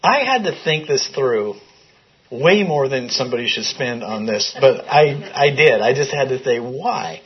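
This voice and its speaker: A man's voice: mid-range voice, lively intonation, moderate pace, a little hiss or hum. A man leading a Bible study, reading scripture aloud and putting questions to a small group in the room. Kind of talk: interactive Bible teaching. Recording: dull lo-fi recording.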